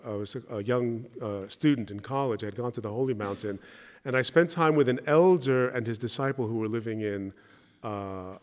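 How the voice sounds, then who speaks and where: Conversational male speaker in a reverberant hall. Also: medium pitch. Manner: conversational, keeps checking with the audience by asking "right?". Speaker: speaker at a church gathering. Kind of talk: spoken talk with anecdotes.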